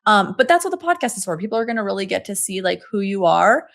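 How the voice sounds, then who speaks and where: A woman's voice: medium pitch, very animated, fast, vocal fry. A woman co-hosting a podcast in casual chat, speaking directly and reassuringly with a playful edge. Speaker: podcast co-host.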